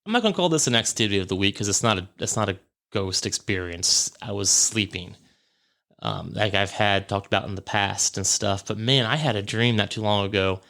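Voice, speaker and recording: A man's voice: fairly low pitch, a little fast, gravelly, pushed and bright. A man hosting a podcast, telling a story in a casual, rambling way and correcting himself as he goes. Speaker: podcast host. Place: home podcast room.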